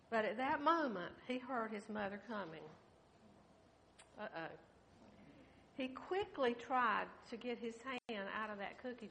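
An older woman giving a children's sermon in a church, telling a story gently and asking the children questions. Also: on the high side, a little hiss or hum. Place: church sanctuary.

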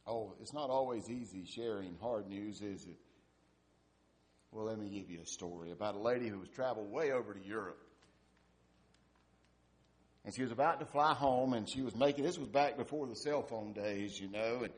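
A male pastor preaching in a conversational way, asking rhetorical questions and trailing off softly at the ends of phrases. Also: lowish voice, moderate pace, pauses often. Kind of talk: sermon.

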